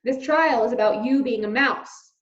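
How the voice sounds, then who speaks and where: A woman's voice: a little high, normal speed, natural voice. A woman voicing a stern, pompous male mouse leader who hands down commands. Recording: roomy, slightly dull recording.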